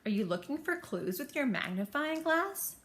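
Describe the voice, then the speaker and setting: A woman voicing a big, gentle, timid bird who is childlike and easily frightened, high and wide-eyed. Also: sing-song, moderate pace. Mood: worried.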